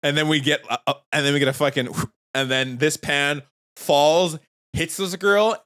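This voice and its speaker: A man's voice: a little high, normal speed, smooth. A man co-hosting a podcast, casually recapping an anime episode and acting out the characters' lines. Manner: animated, acts out characters' lines while retelling. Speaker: podcast co-host.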